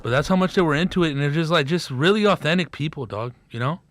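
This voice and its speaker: A man co-hosting a podcast, animated and full of swearing and slang. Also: a little high, quick pace. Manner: animated, swears a lot, slangy "dude" and "dog". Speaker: podcast co-host. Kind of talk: casual podcast chat.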